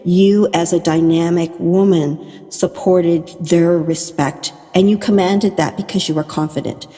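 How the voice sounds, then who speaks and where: A woman hosts a podcast and affirms her guest, reflecting on and summarizing what was said. Her tone is mellow and dark, with a long reverb on the recording. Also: lowish voice, steady tone, unhurried. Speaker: podcast host. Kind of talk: conversational podcast interview.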